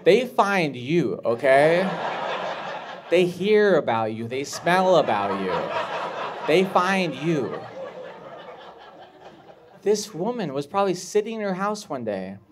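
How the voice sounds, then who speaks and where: Awkward stand-up comedian, slightly high. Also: male voice, slow, pauses often. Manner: awkward, deadpan asides. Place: comedy club stage. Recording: live club audience noise.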